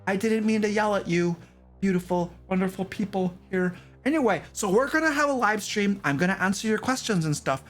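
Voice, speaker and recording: Goofy, fretful barbarian, played by a man, stammers and rambles as a comic stream host over soft music. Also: high-pitched, animated, a little fast. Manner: stammering, repeats words, fretful. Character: goofy, rambling male barbarian, defensive and self-pitying. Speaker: stream host in a character persona. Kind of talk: comedic live-stream chat in character.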